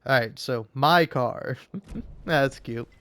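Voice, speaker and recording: A man's voice: mid-range voice, slow pace, bright, forceful tone, no room sound. A man rambling casually from home while playing a game, swearing and laughing often. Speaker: let's play host. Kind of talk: casual gaming commentary.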